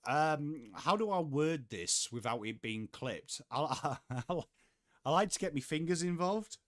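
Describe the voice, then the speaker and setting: On a live sports watchalong, a young man from England reads out messages from viewers and swears casually as he chats. His fairly high voice has lively intonation, and he speaks a little slowly.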